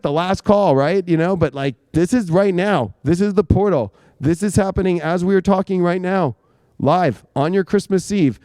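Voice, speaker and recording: A man's voice: high voice, dark tone, smooth, no room sound. A man hosting a live astrology talk, rambling and emphatic with frequent swearing. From United States. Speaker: astrologer host.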